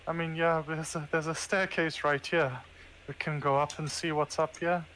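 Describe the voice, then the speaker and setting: A man's voice: on the high side, little pitch movement, normal speed, a bit bright, a little hiss or hum. A man playing a tabletop game, giving short easygoing replies. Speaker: player. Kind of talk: casual tabletop game chat.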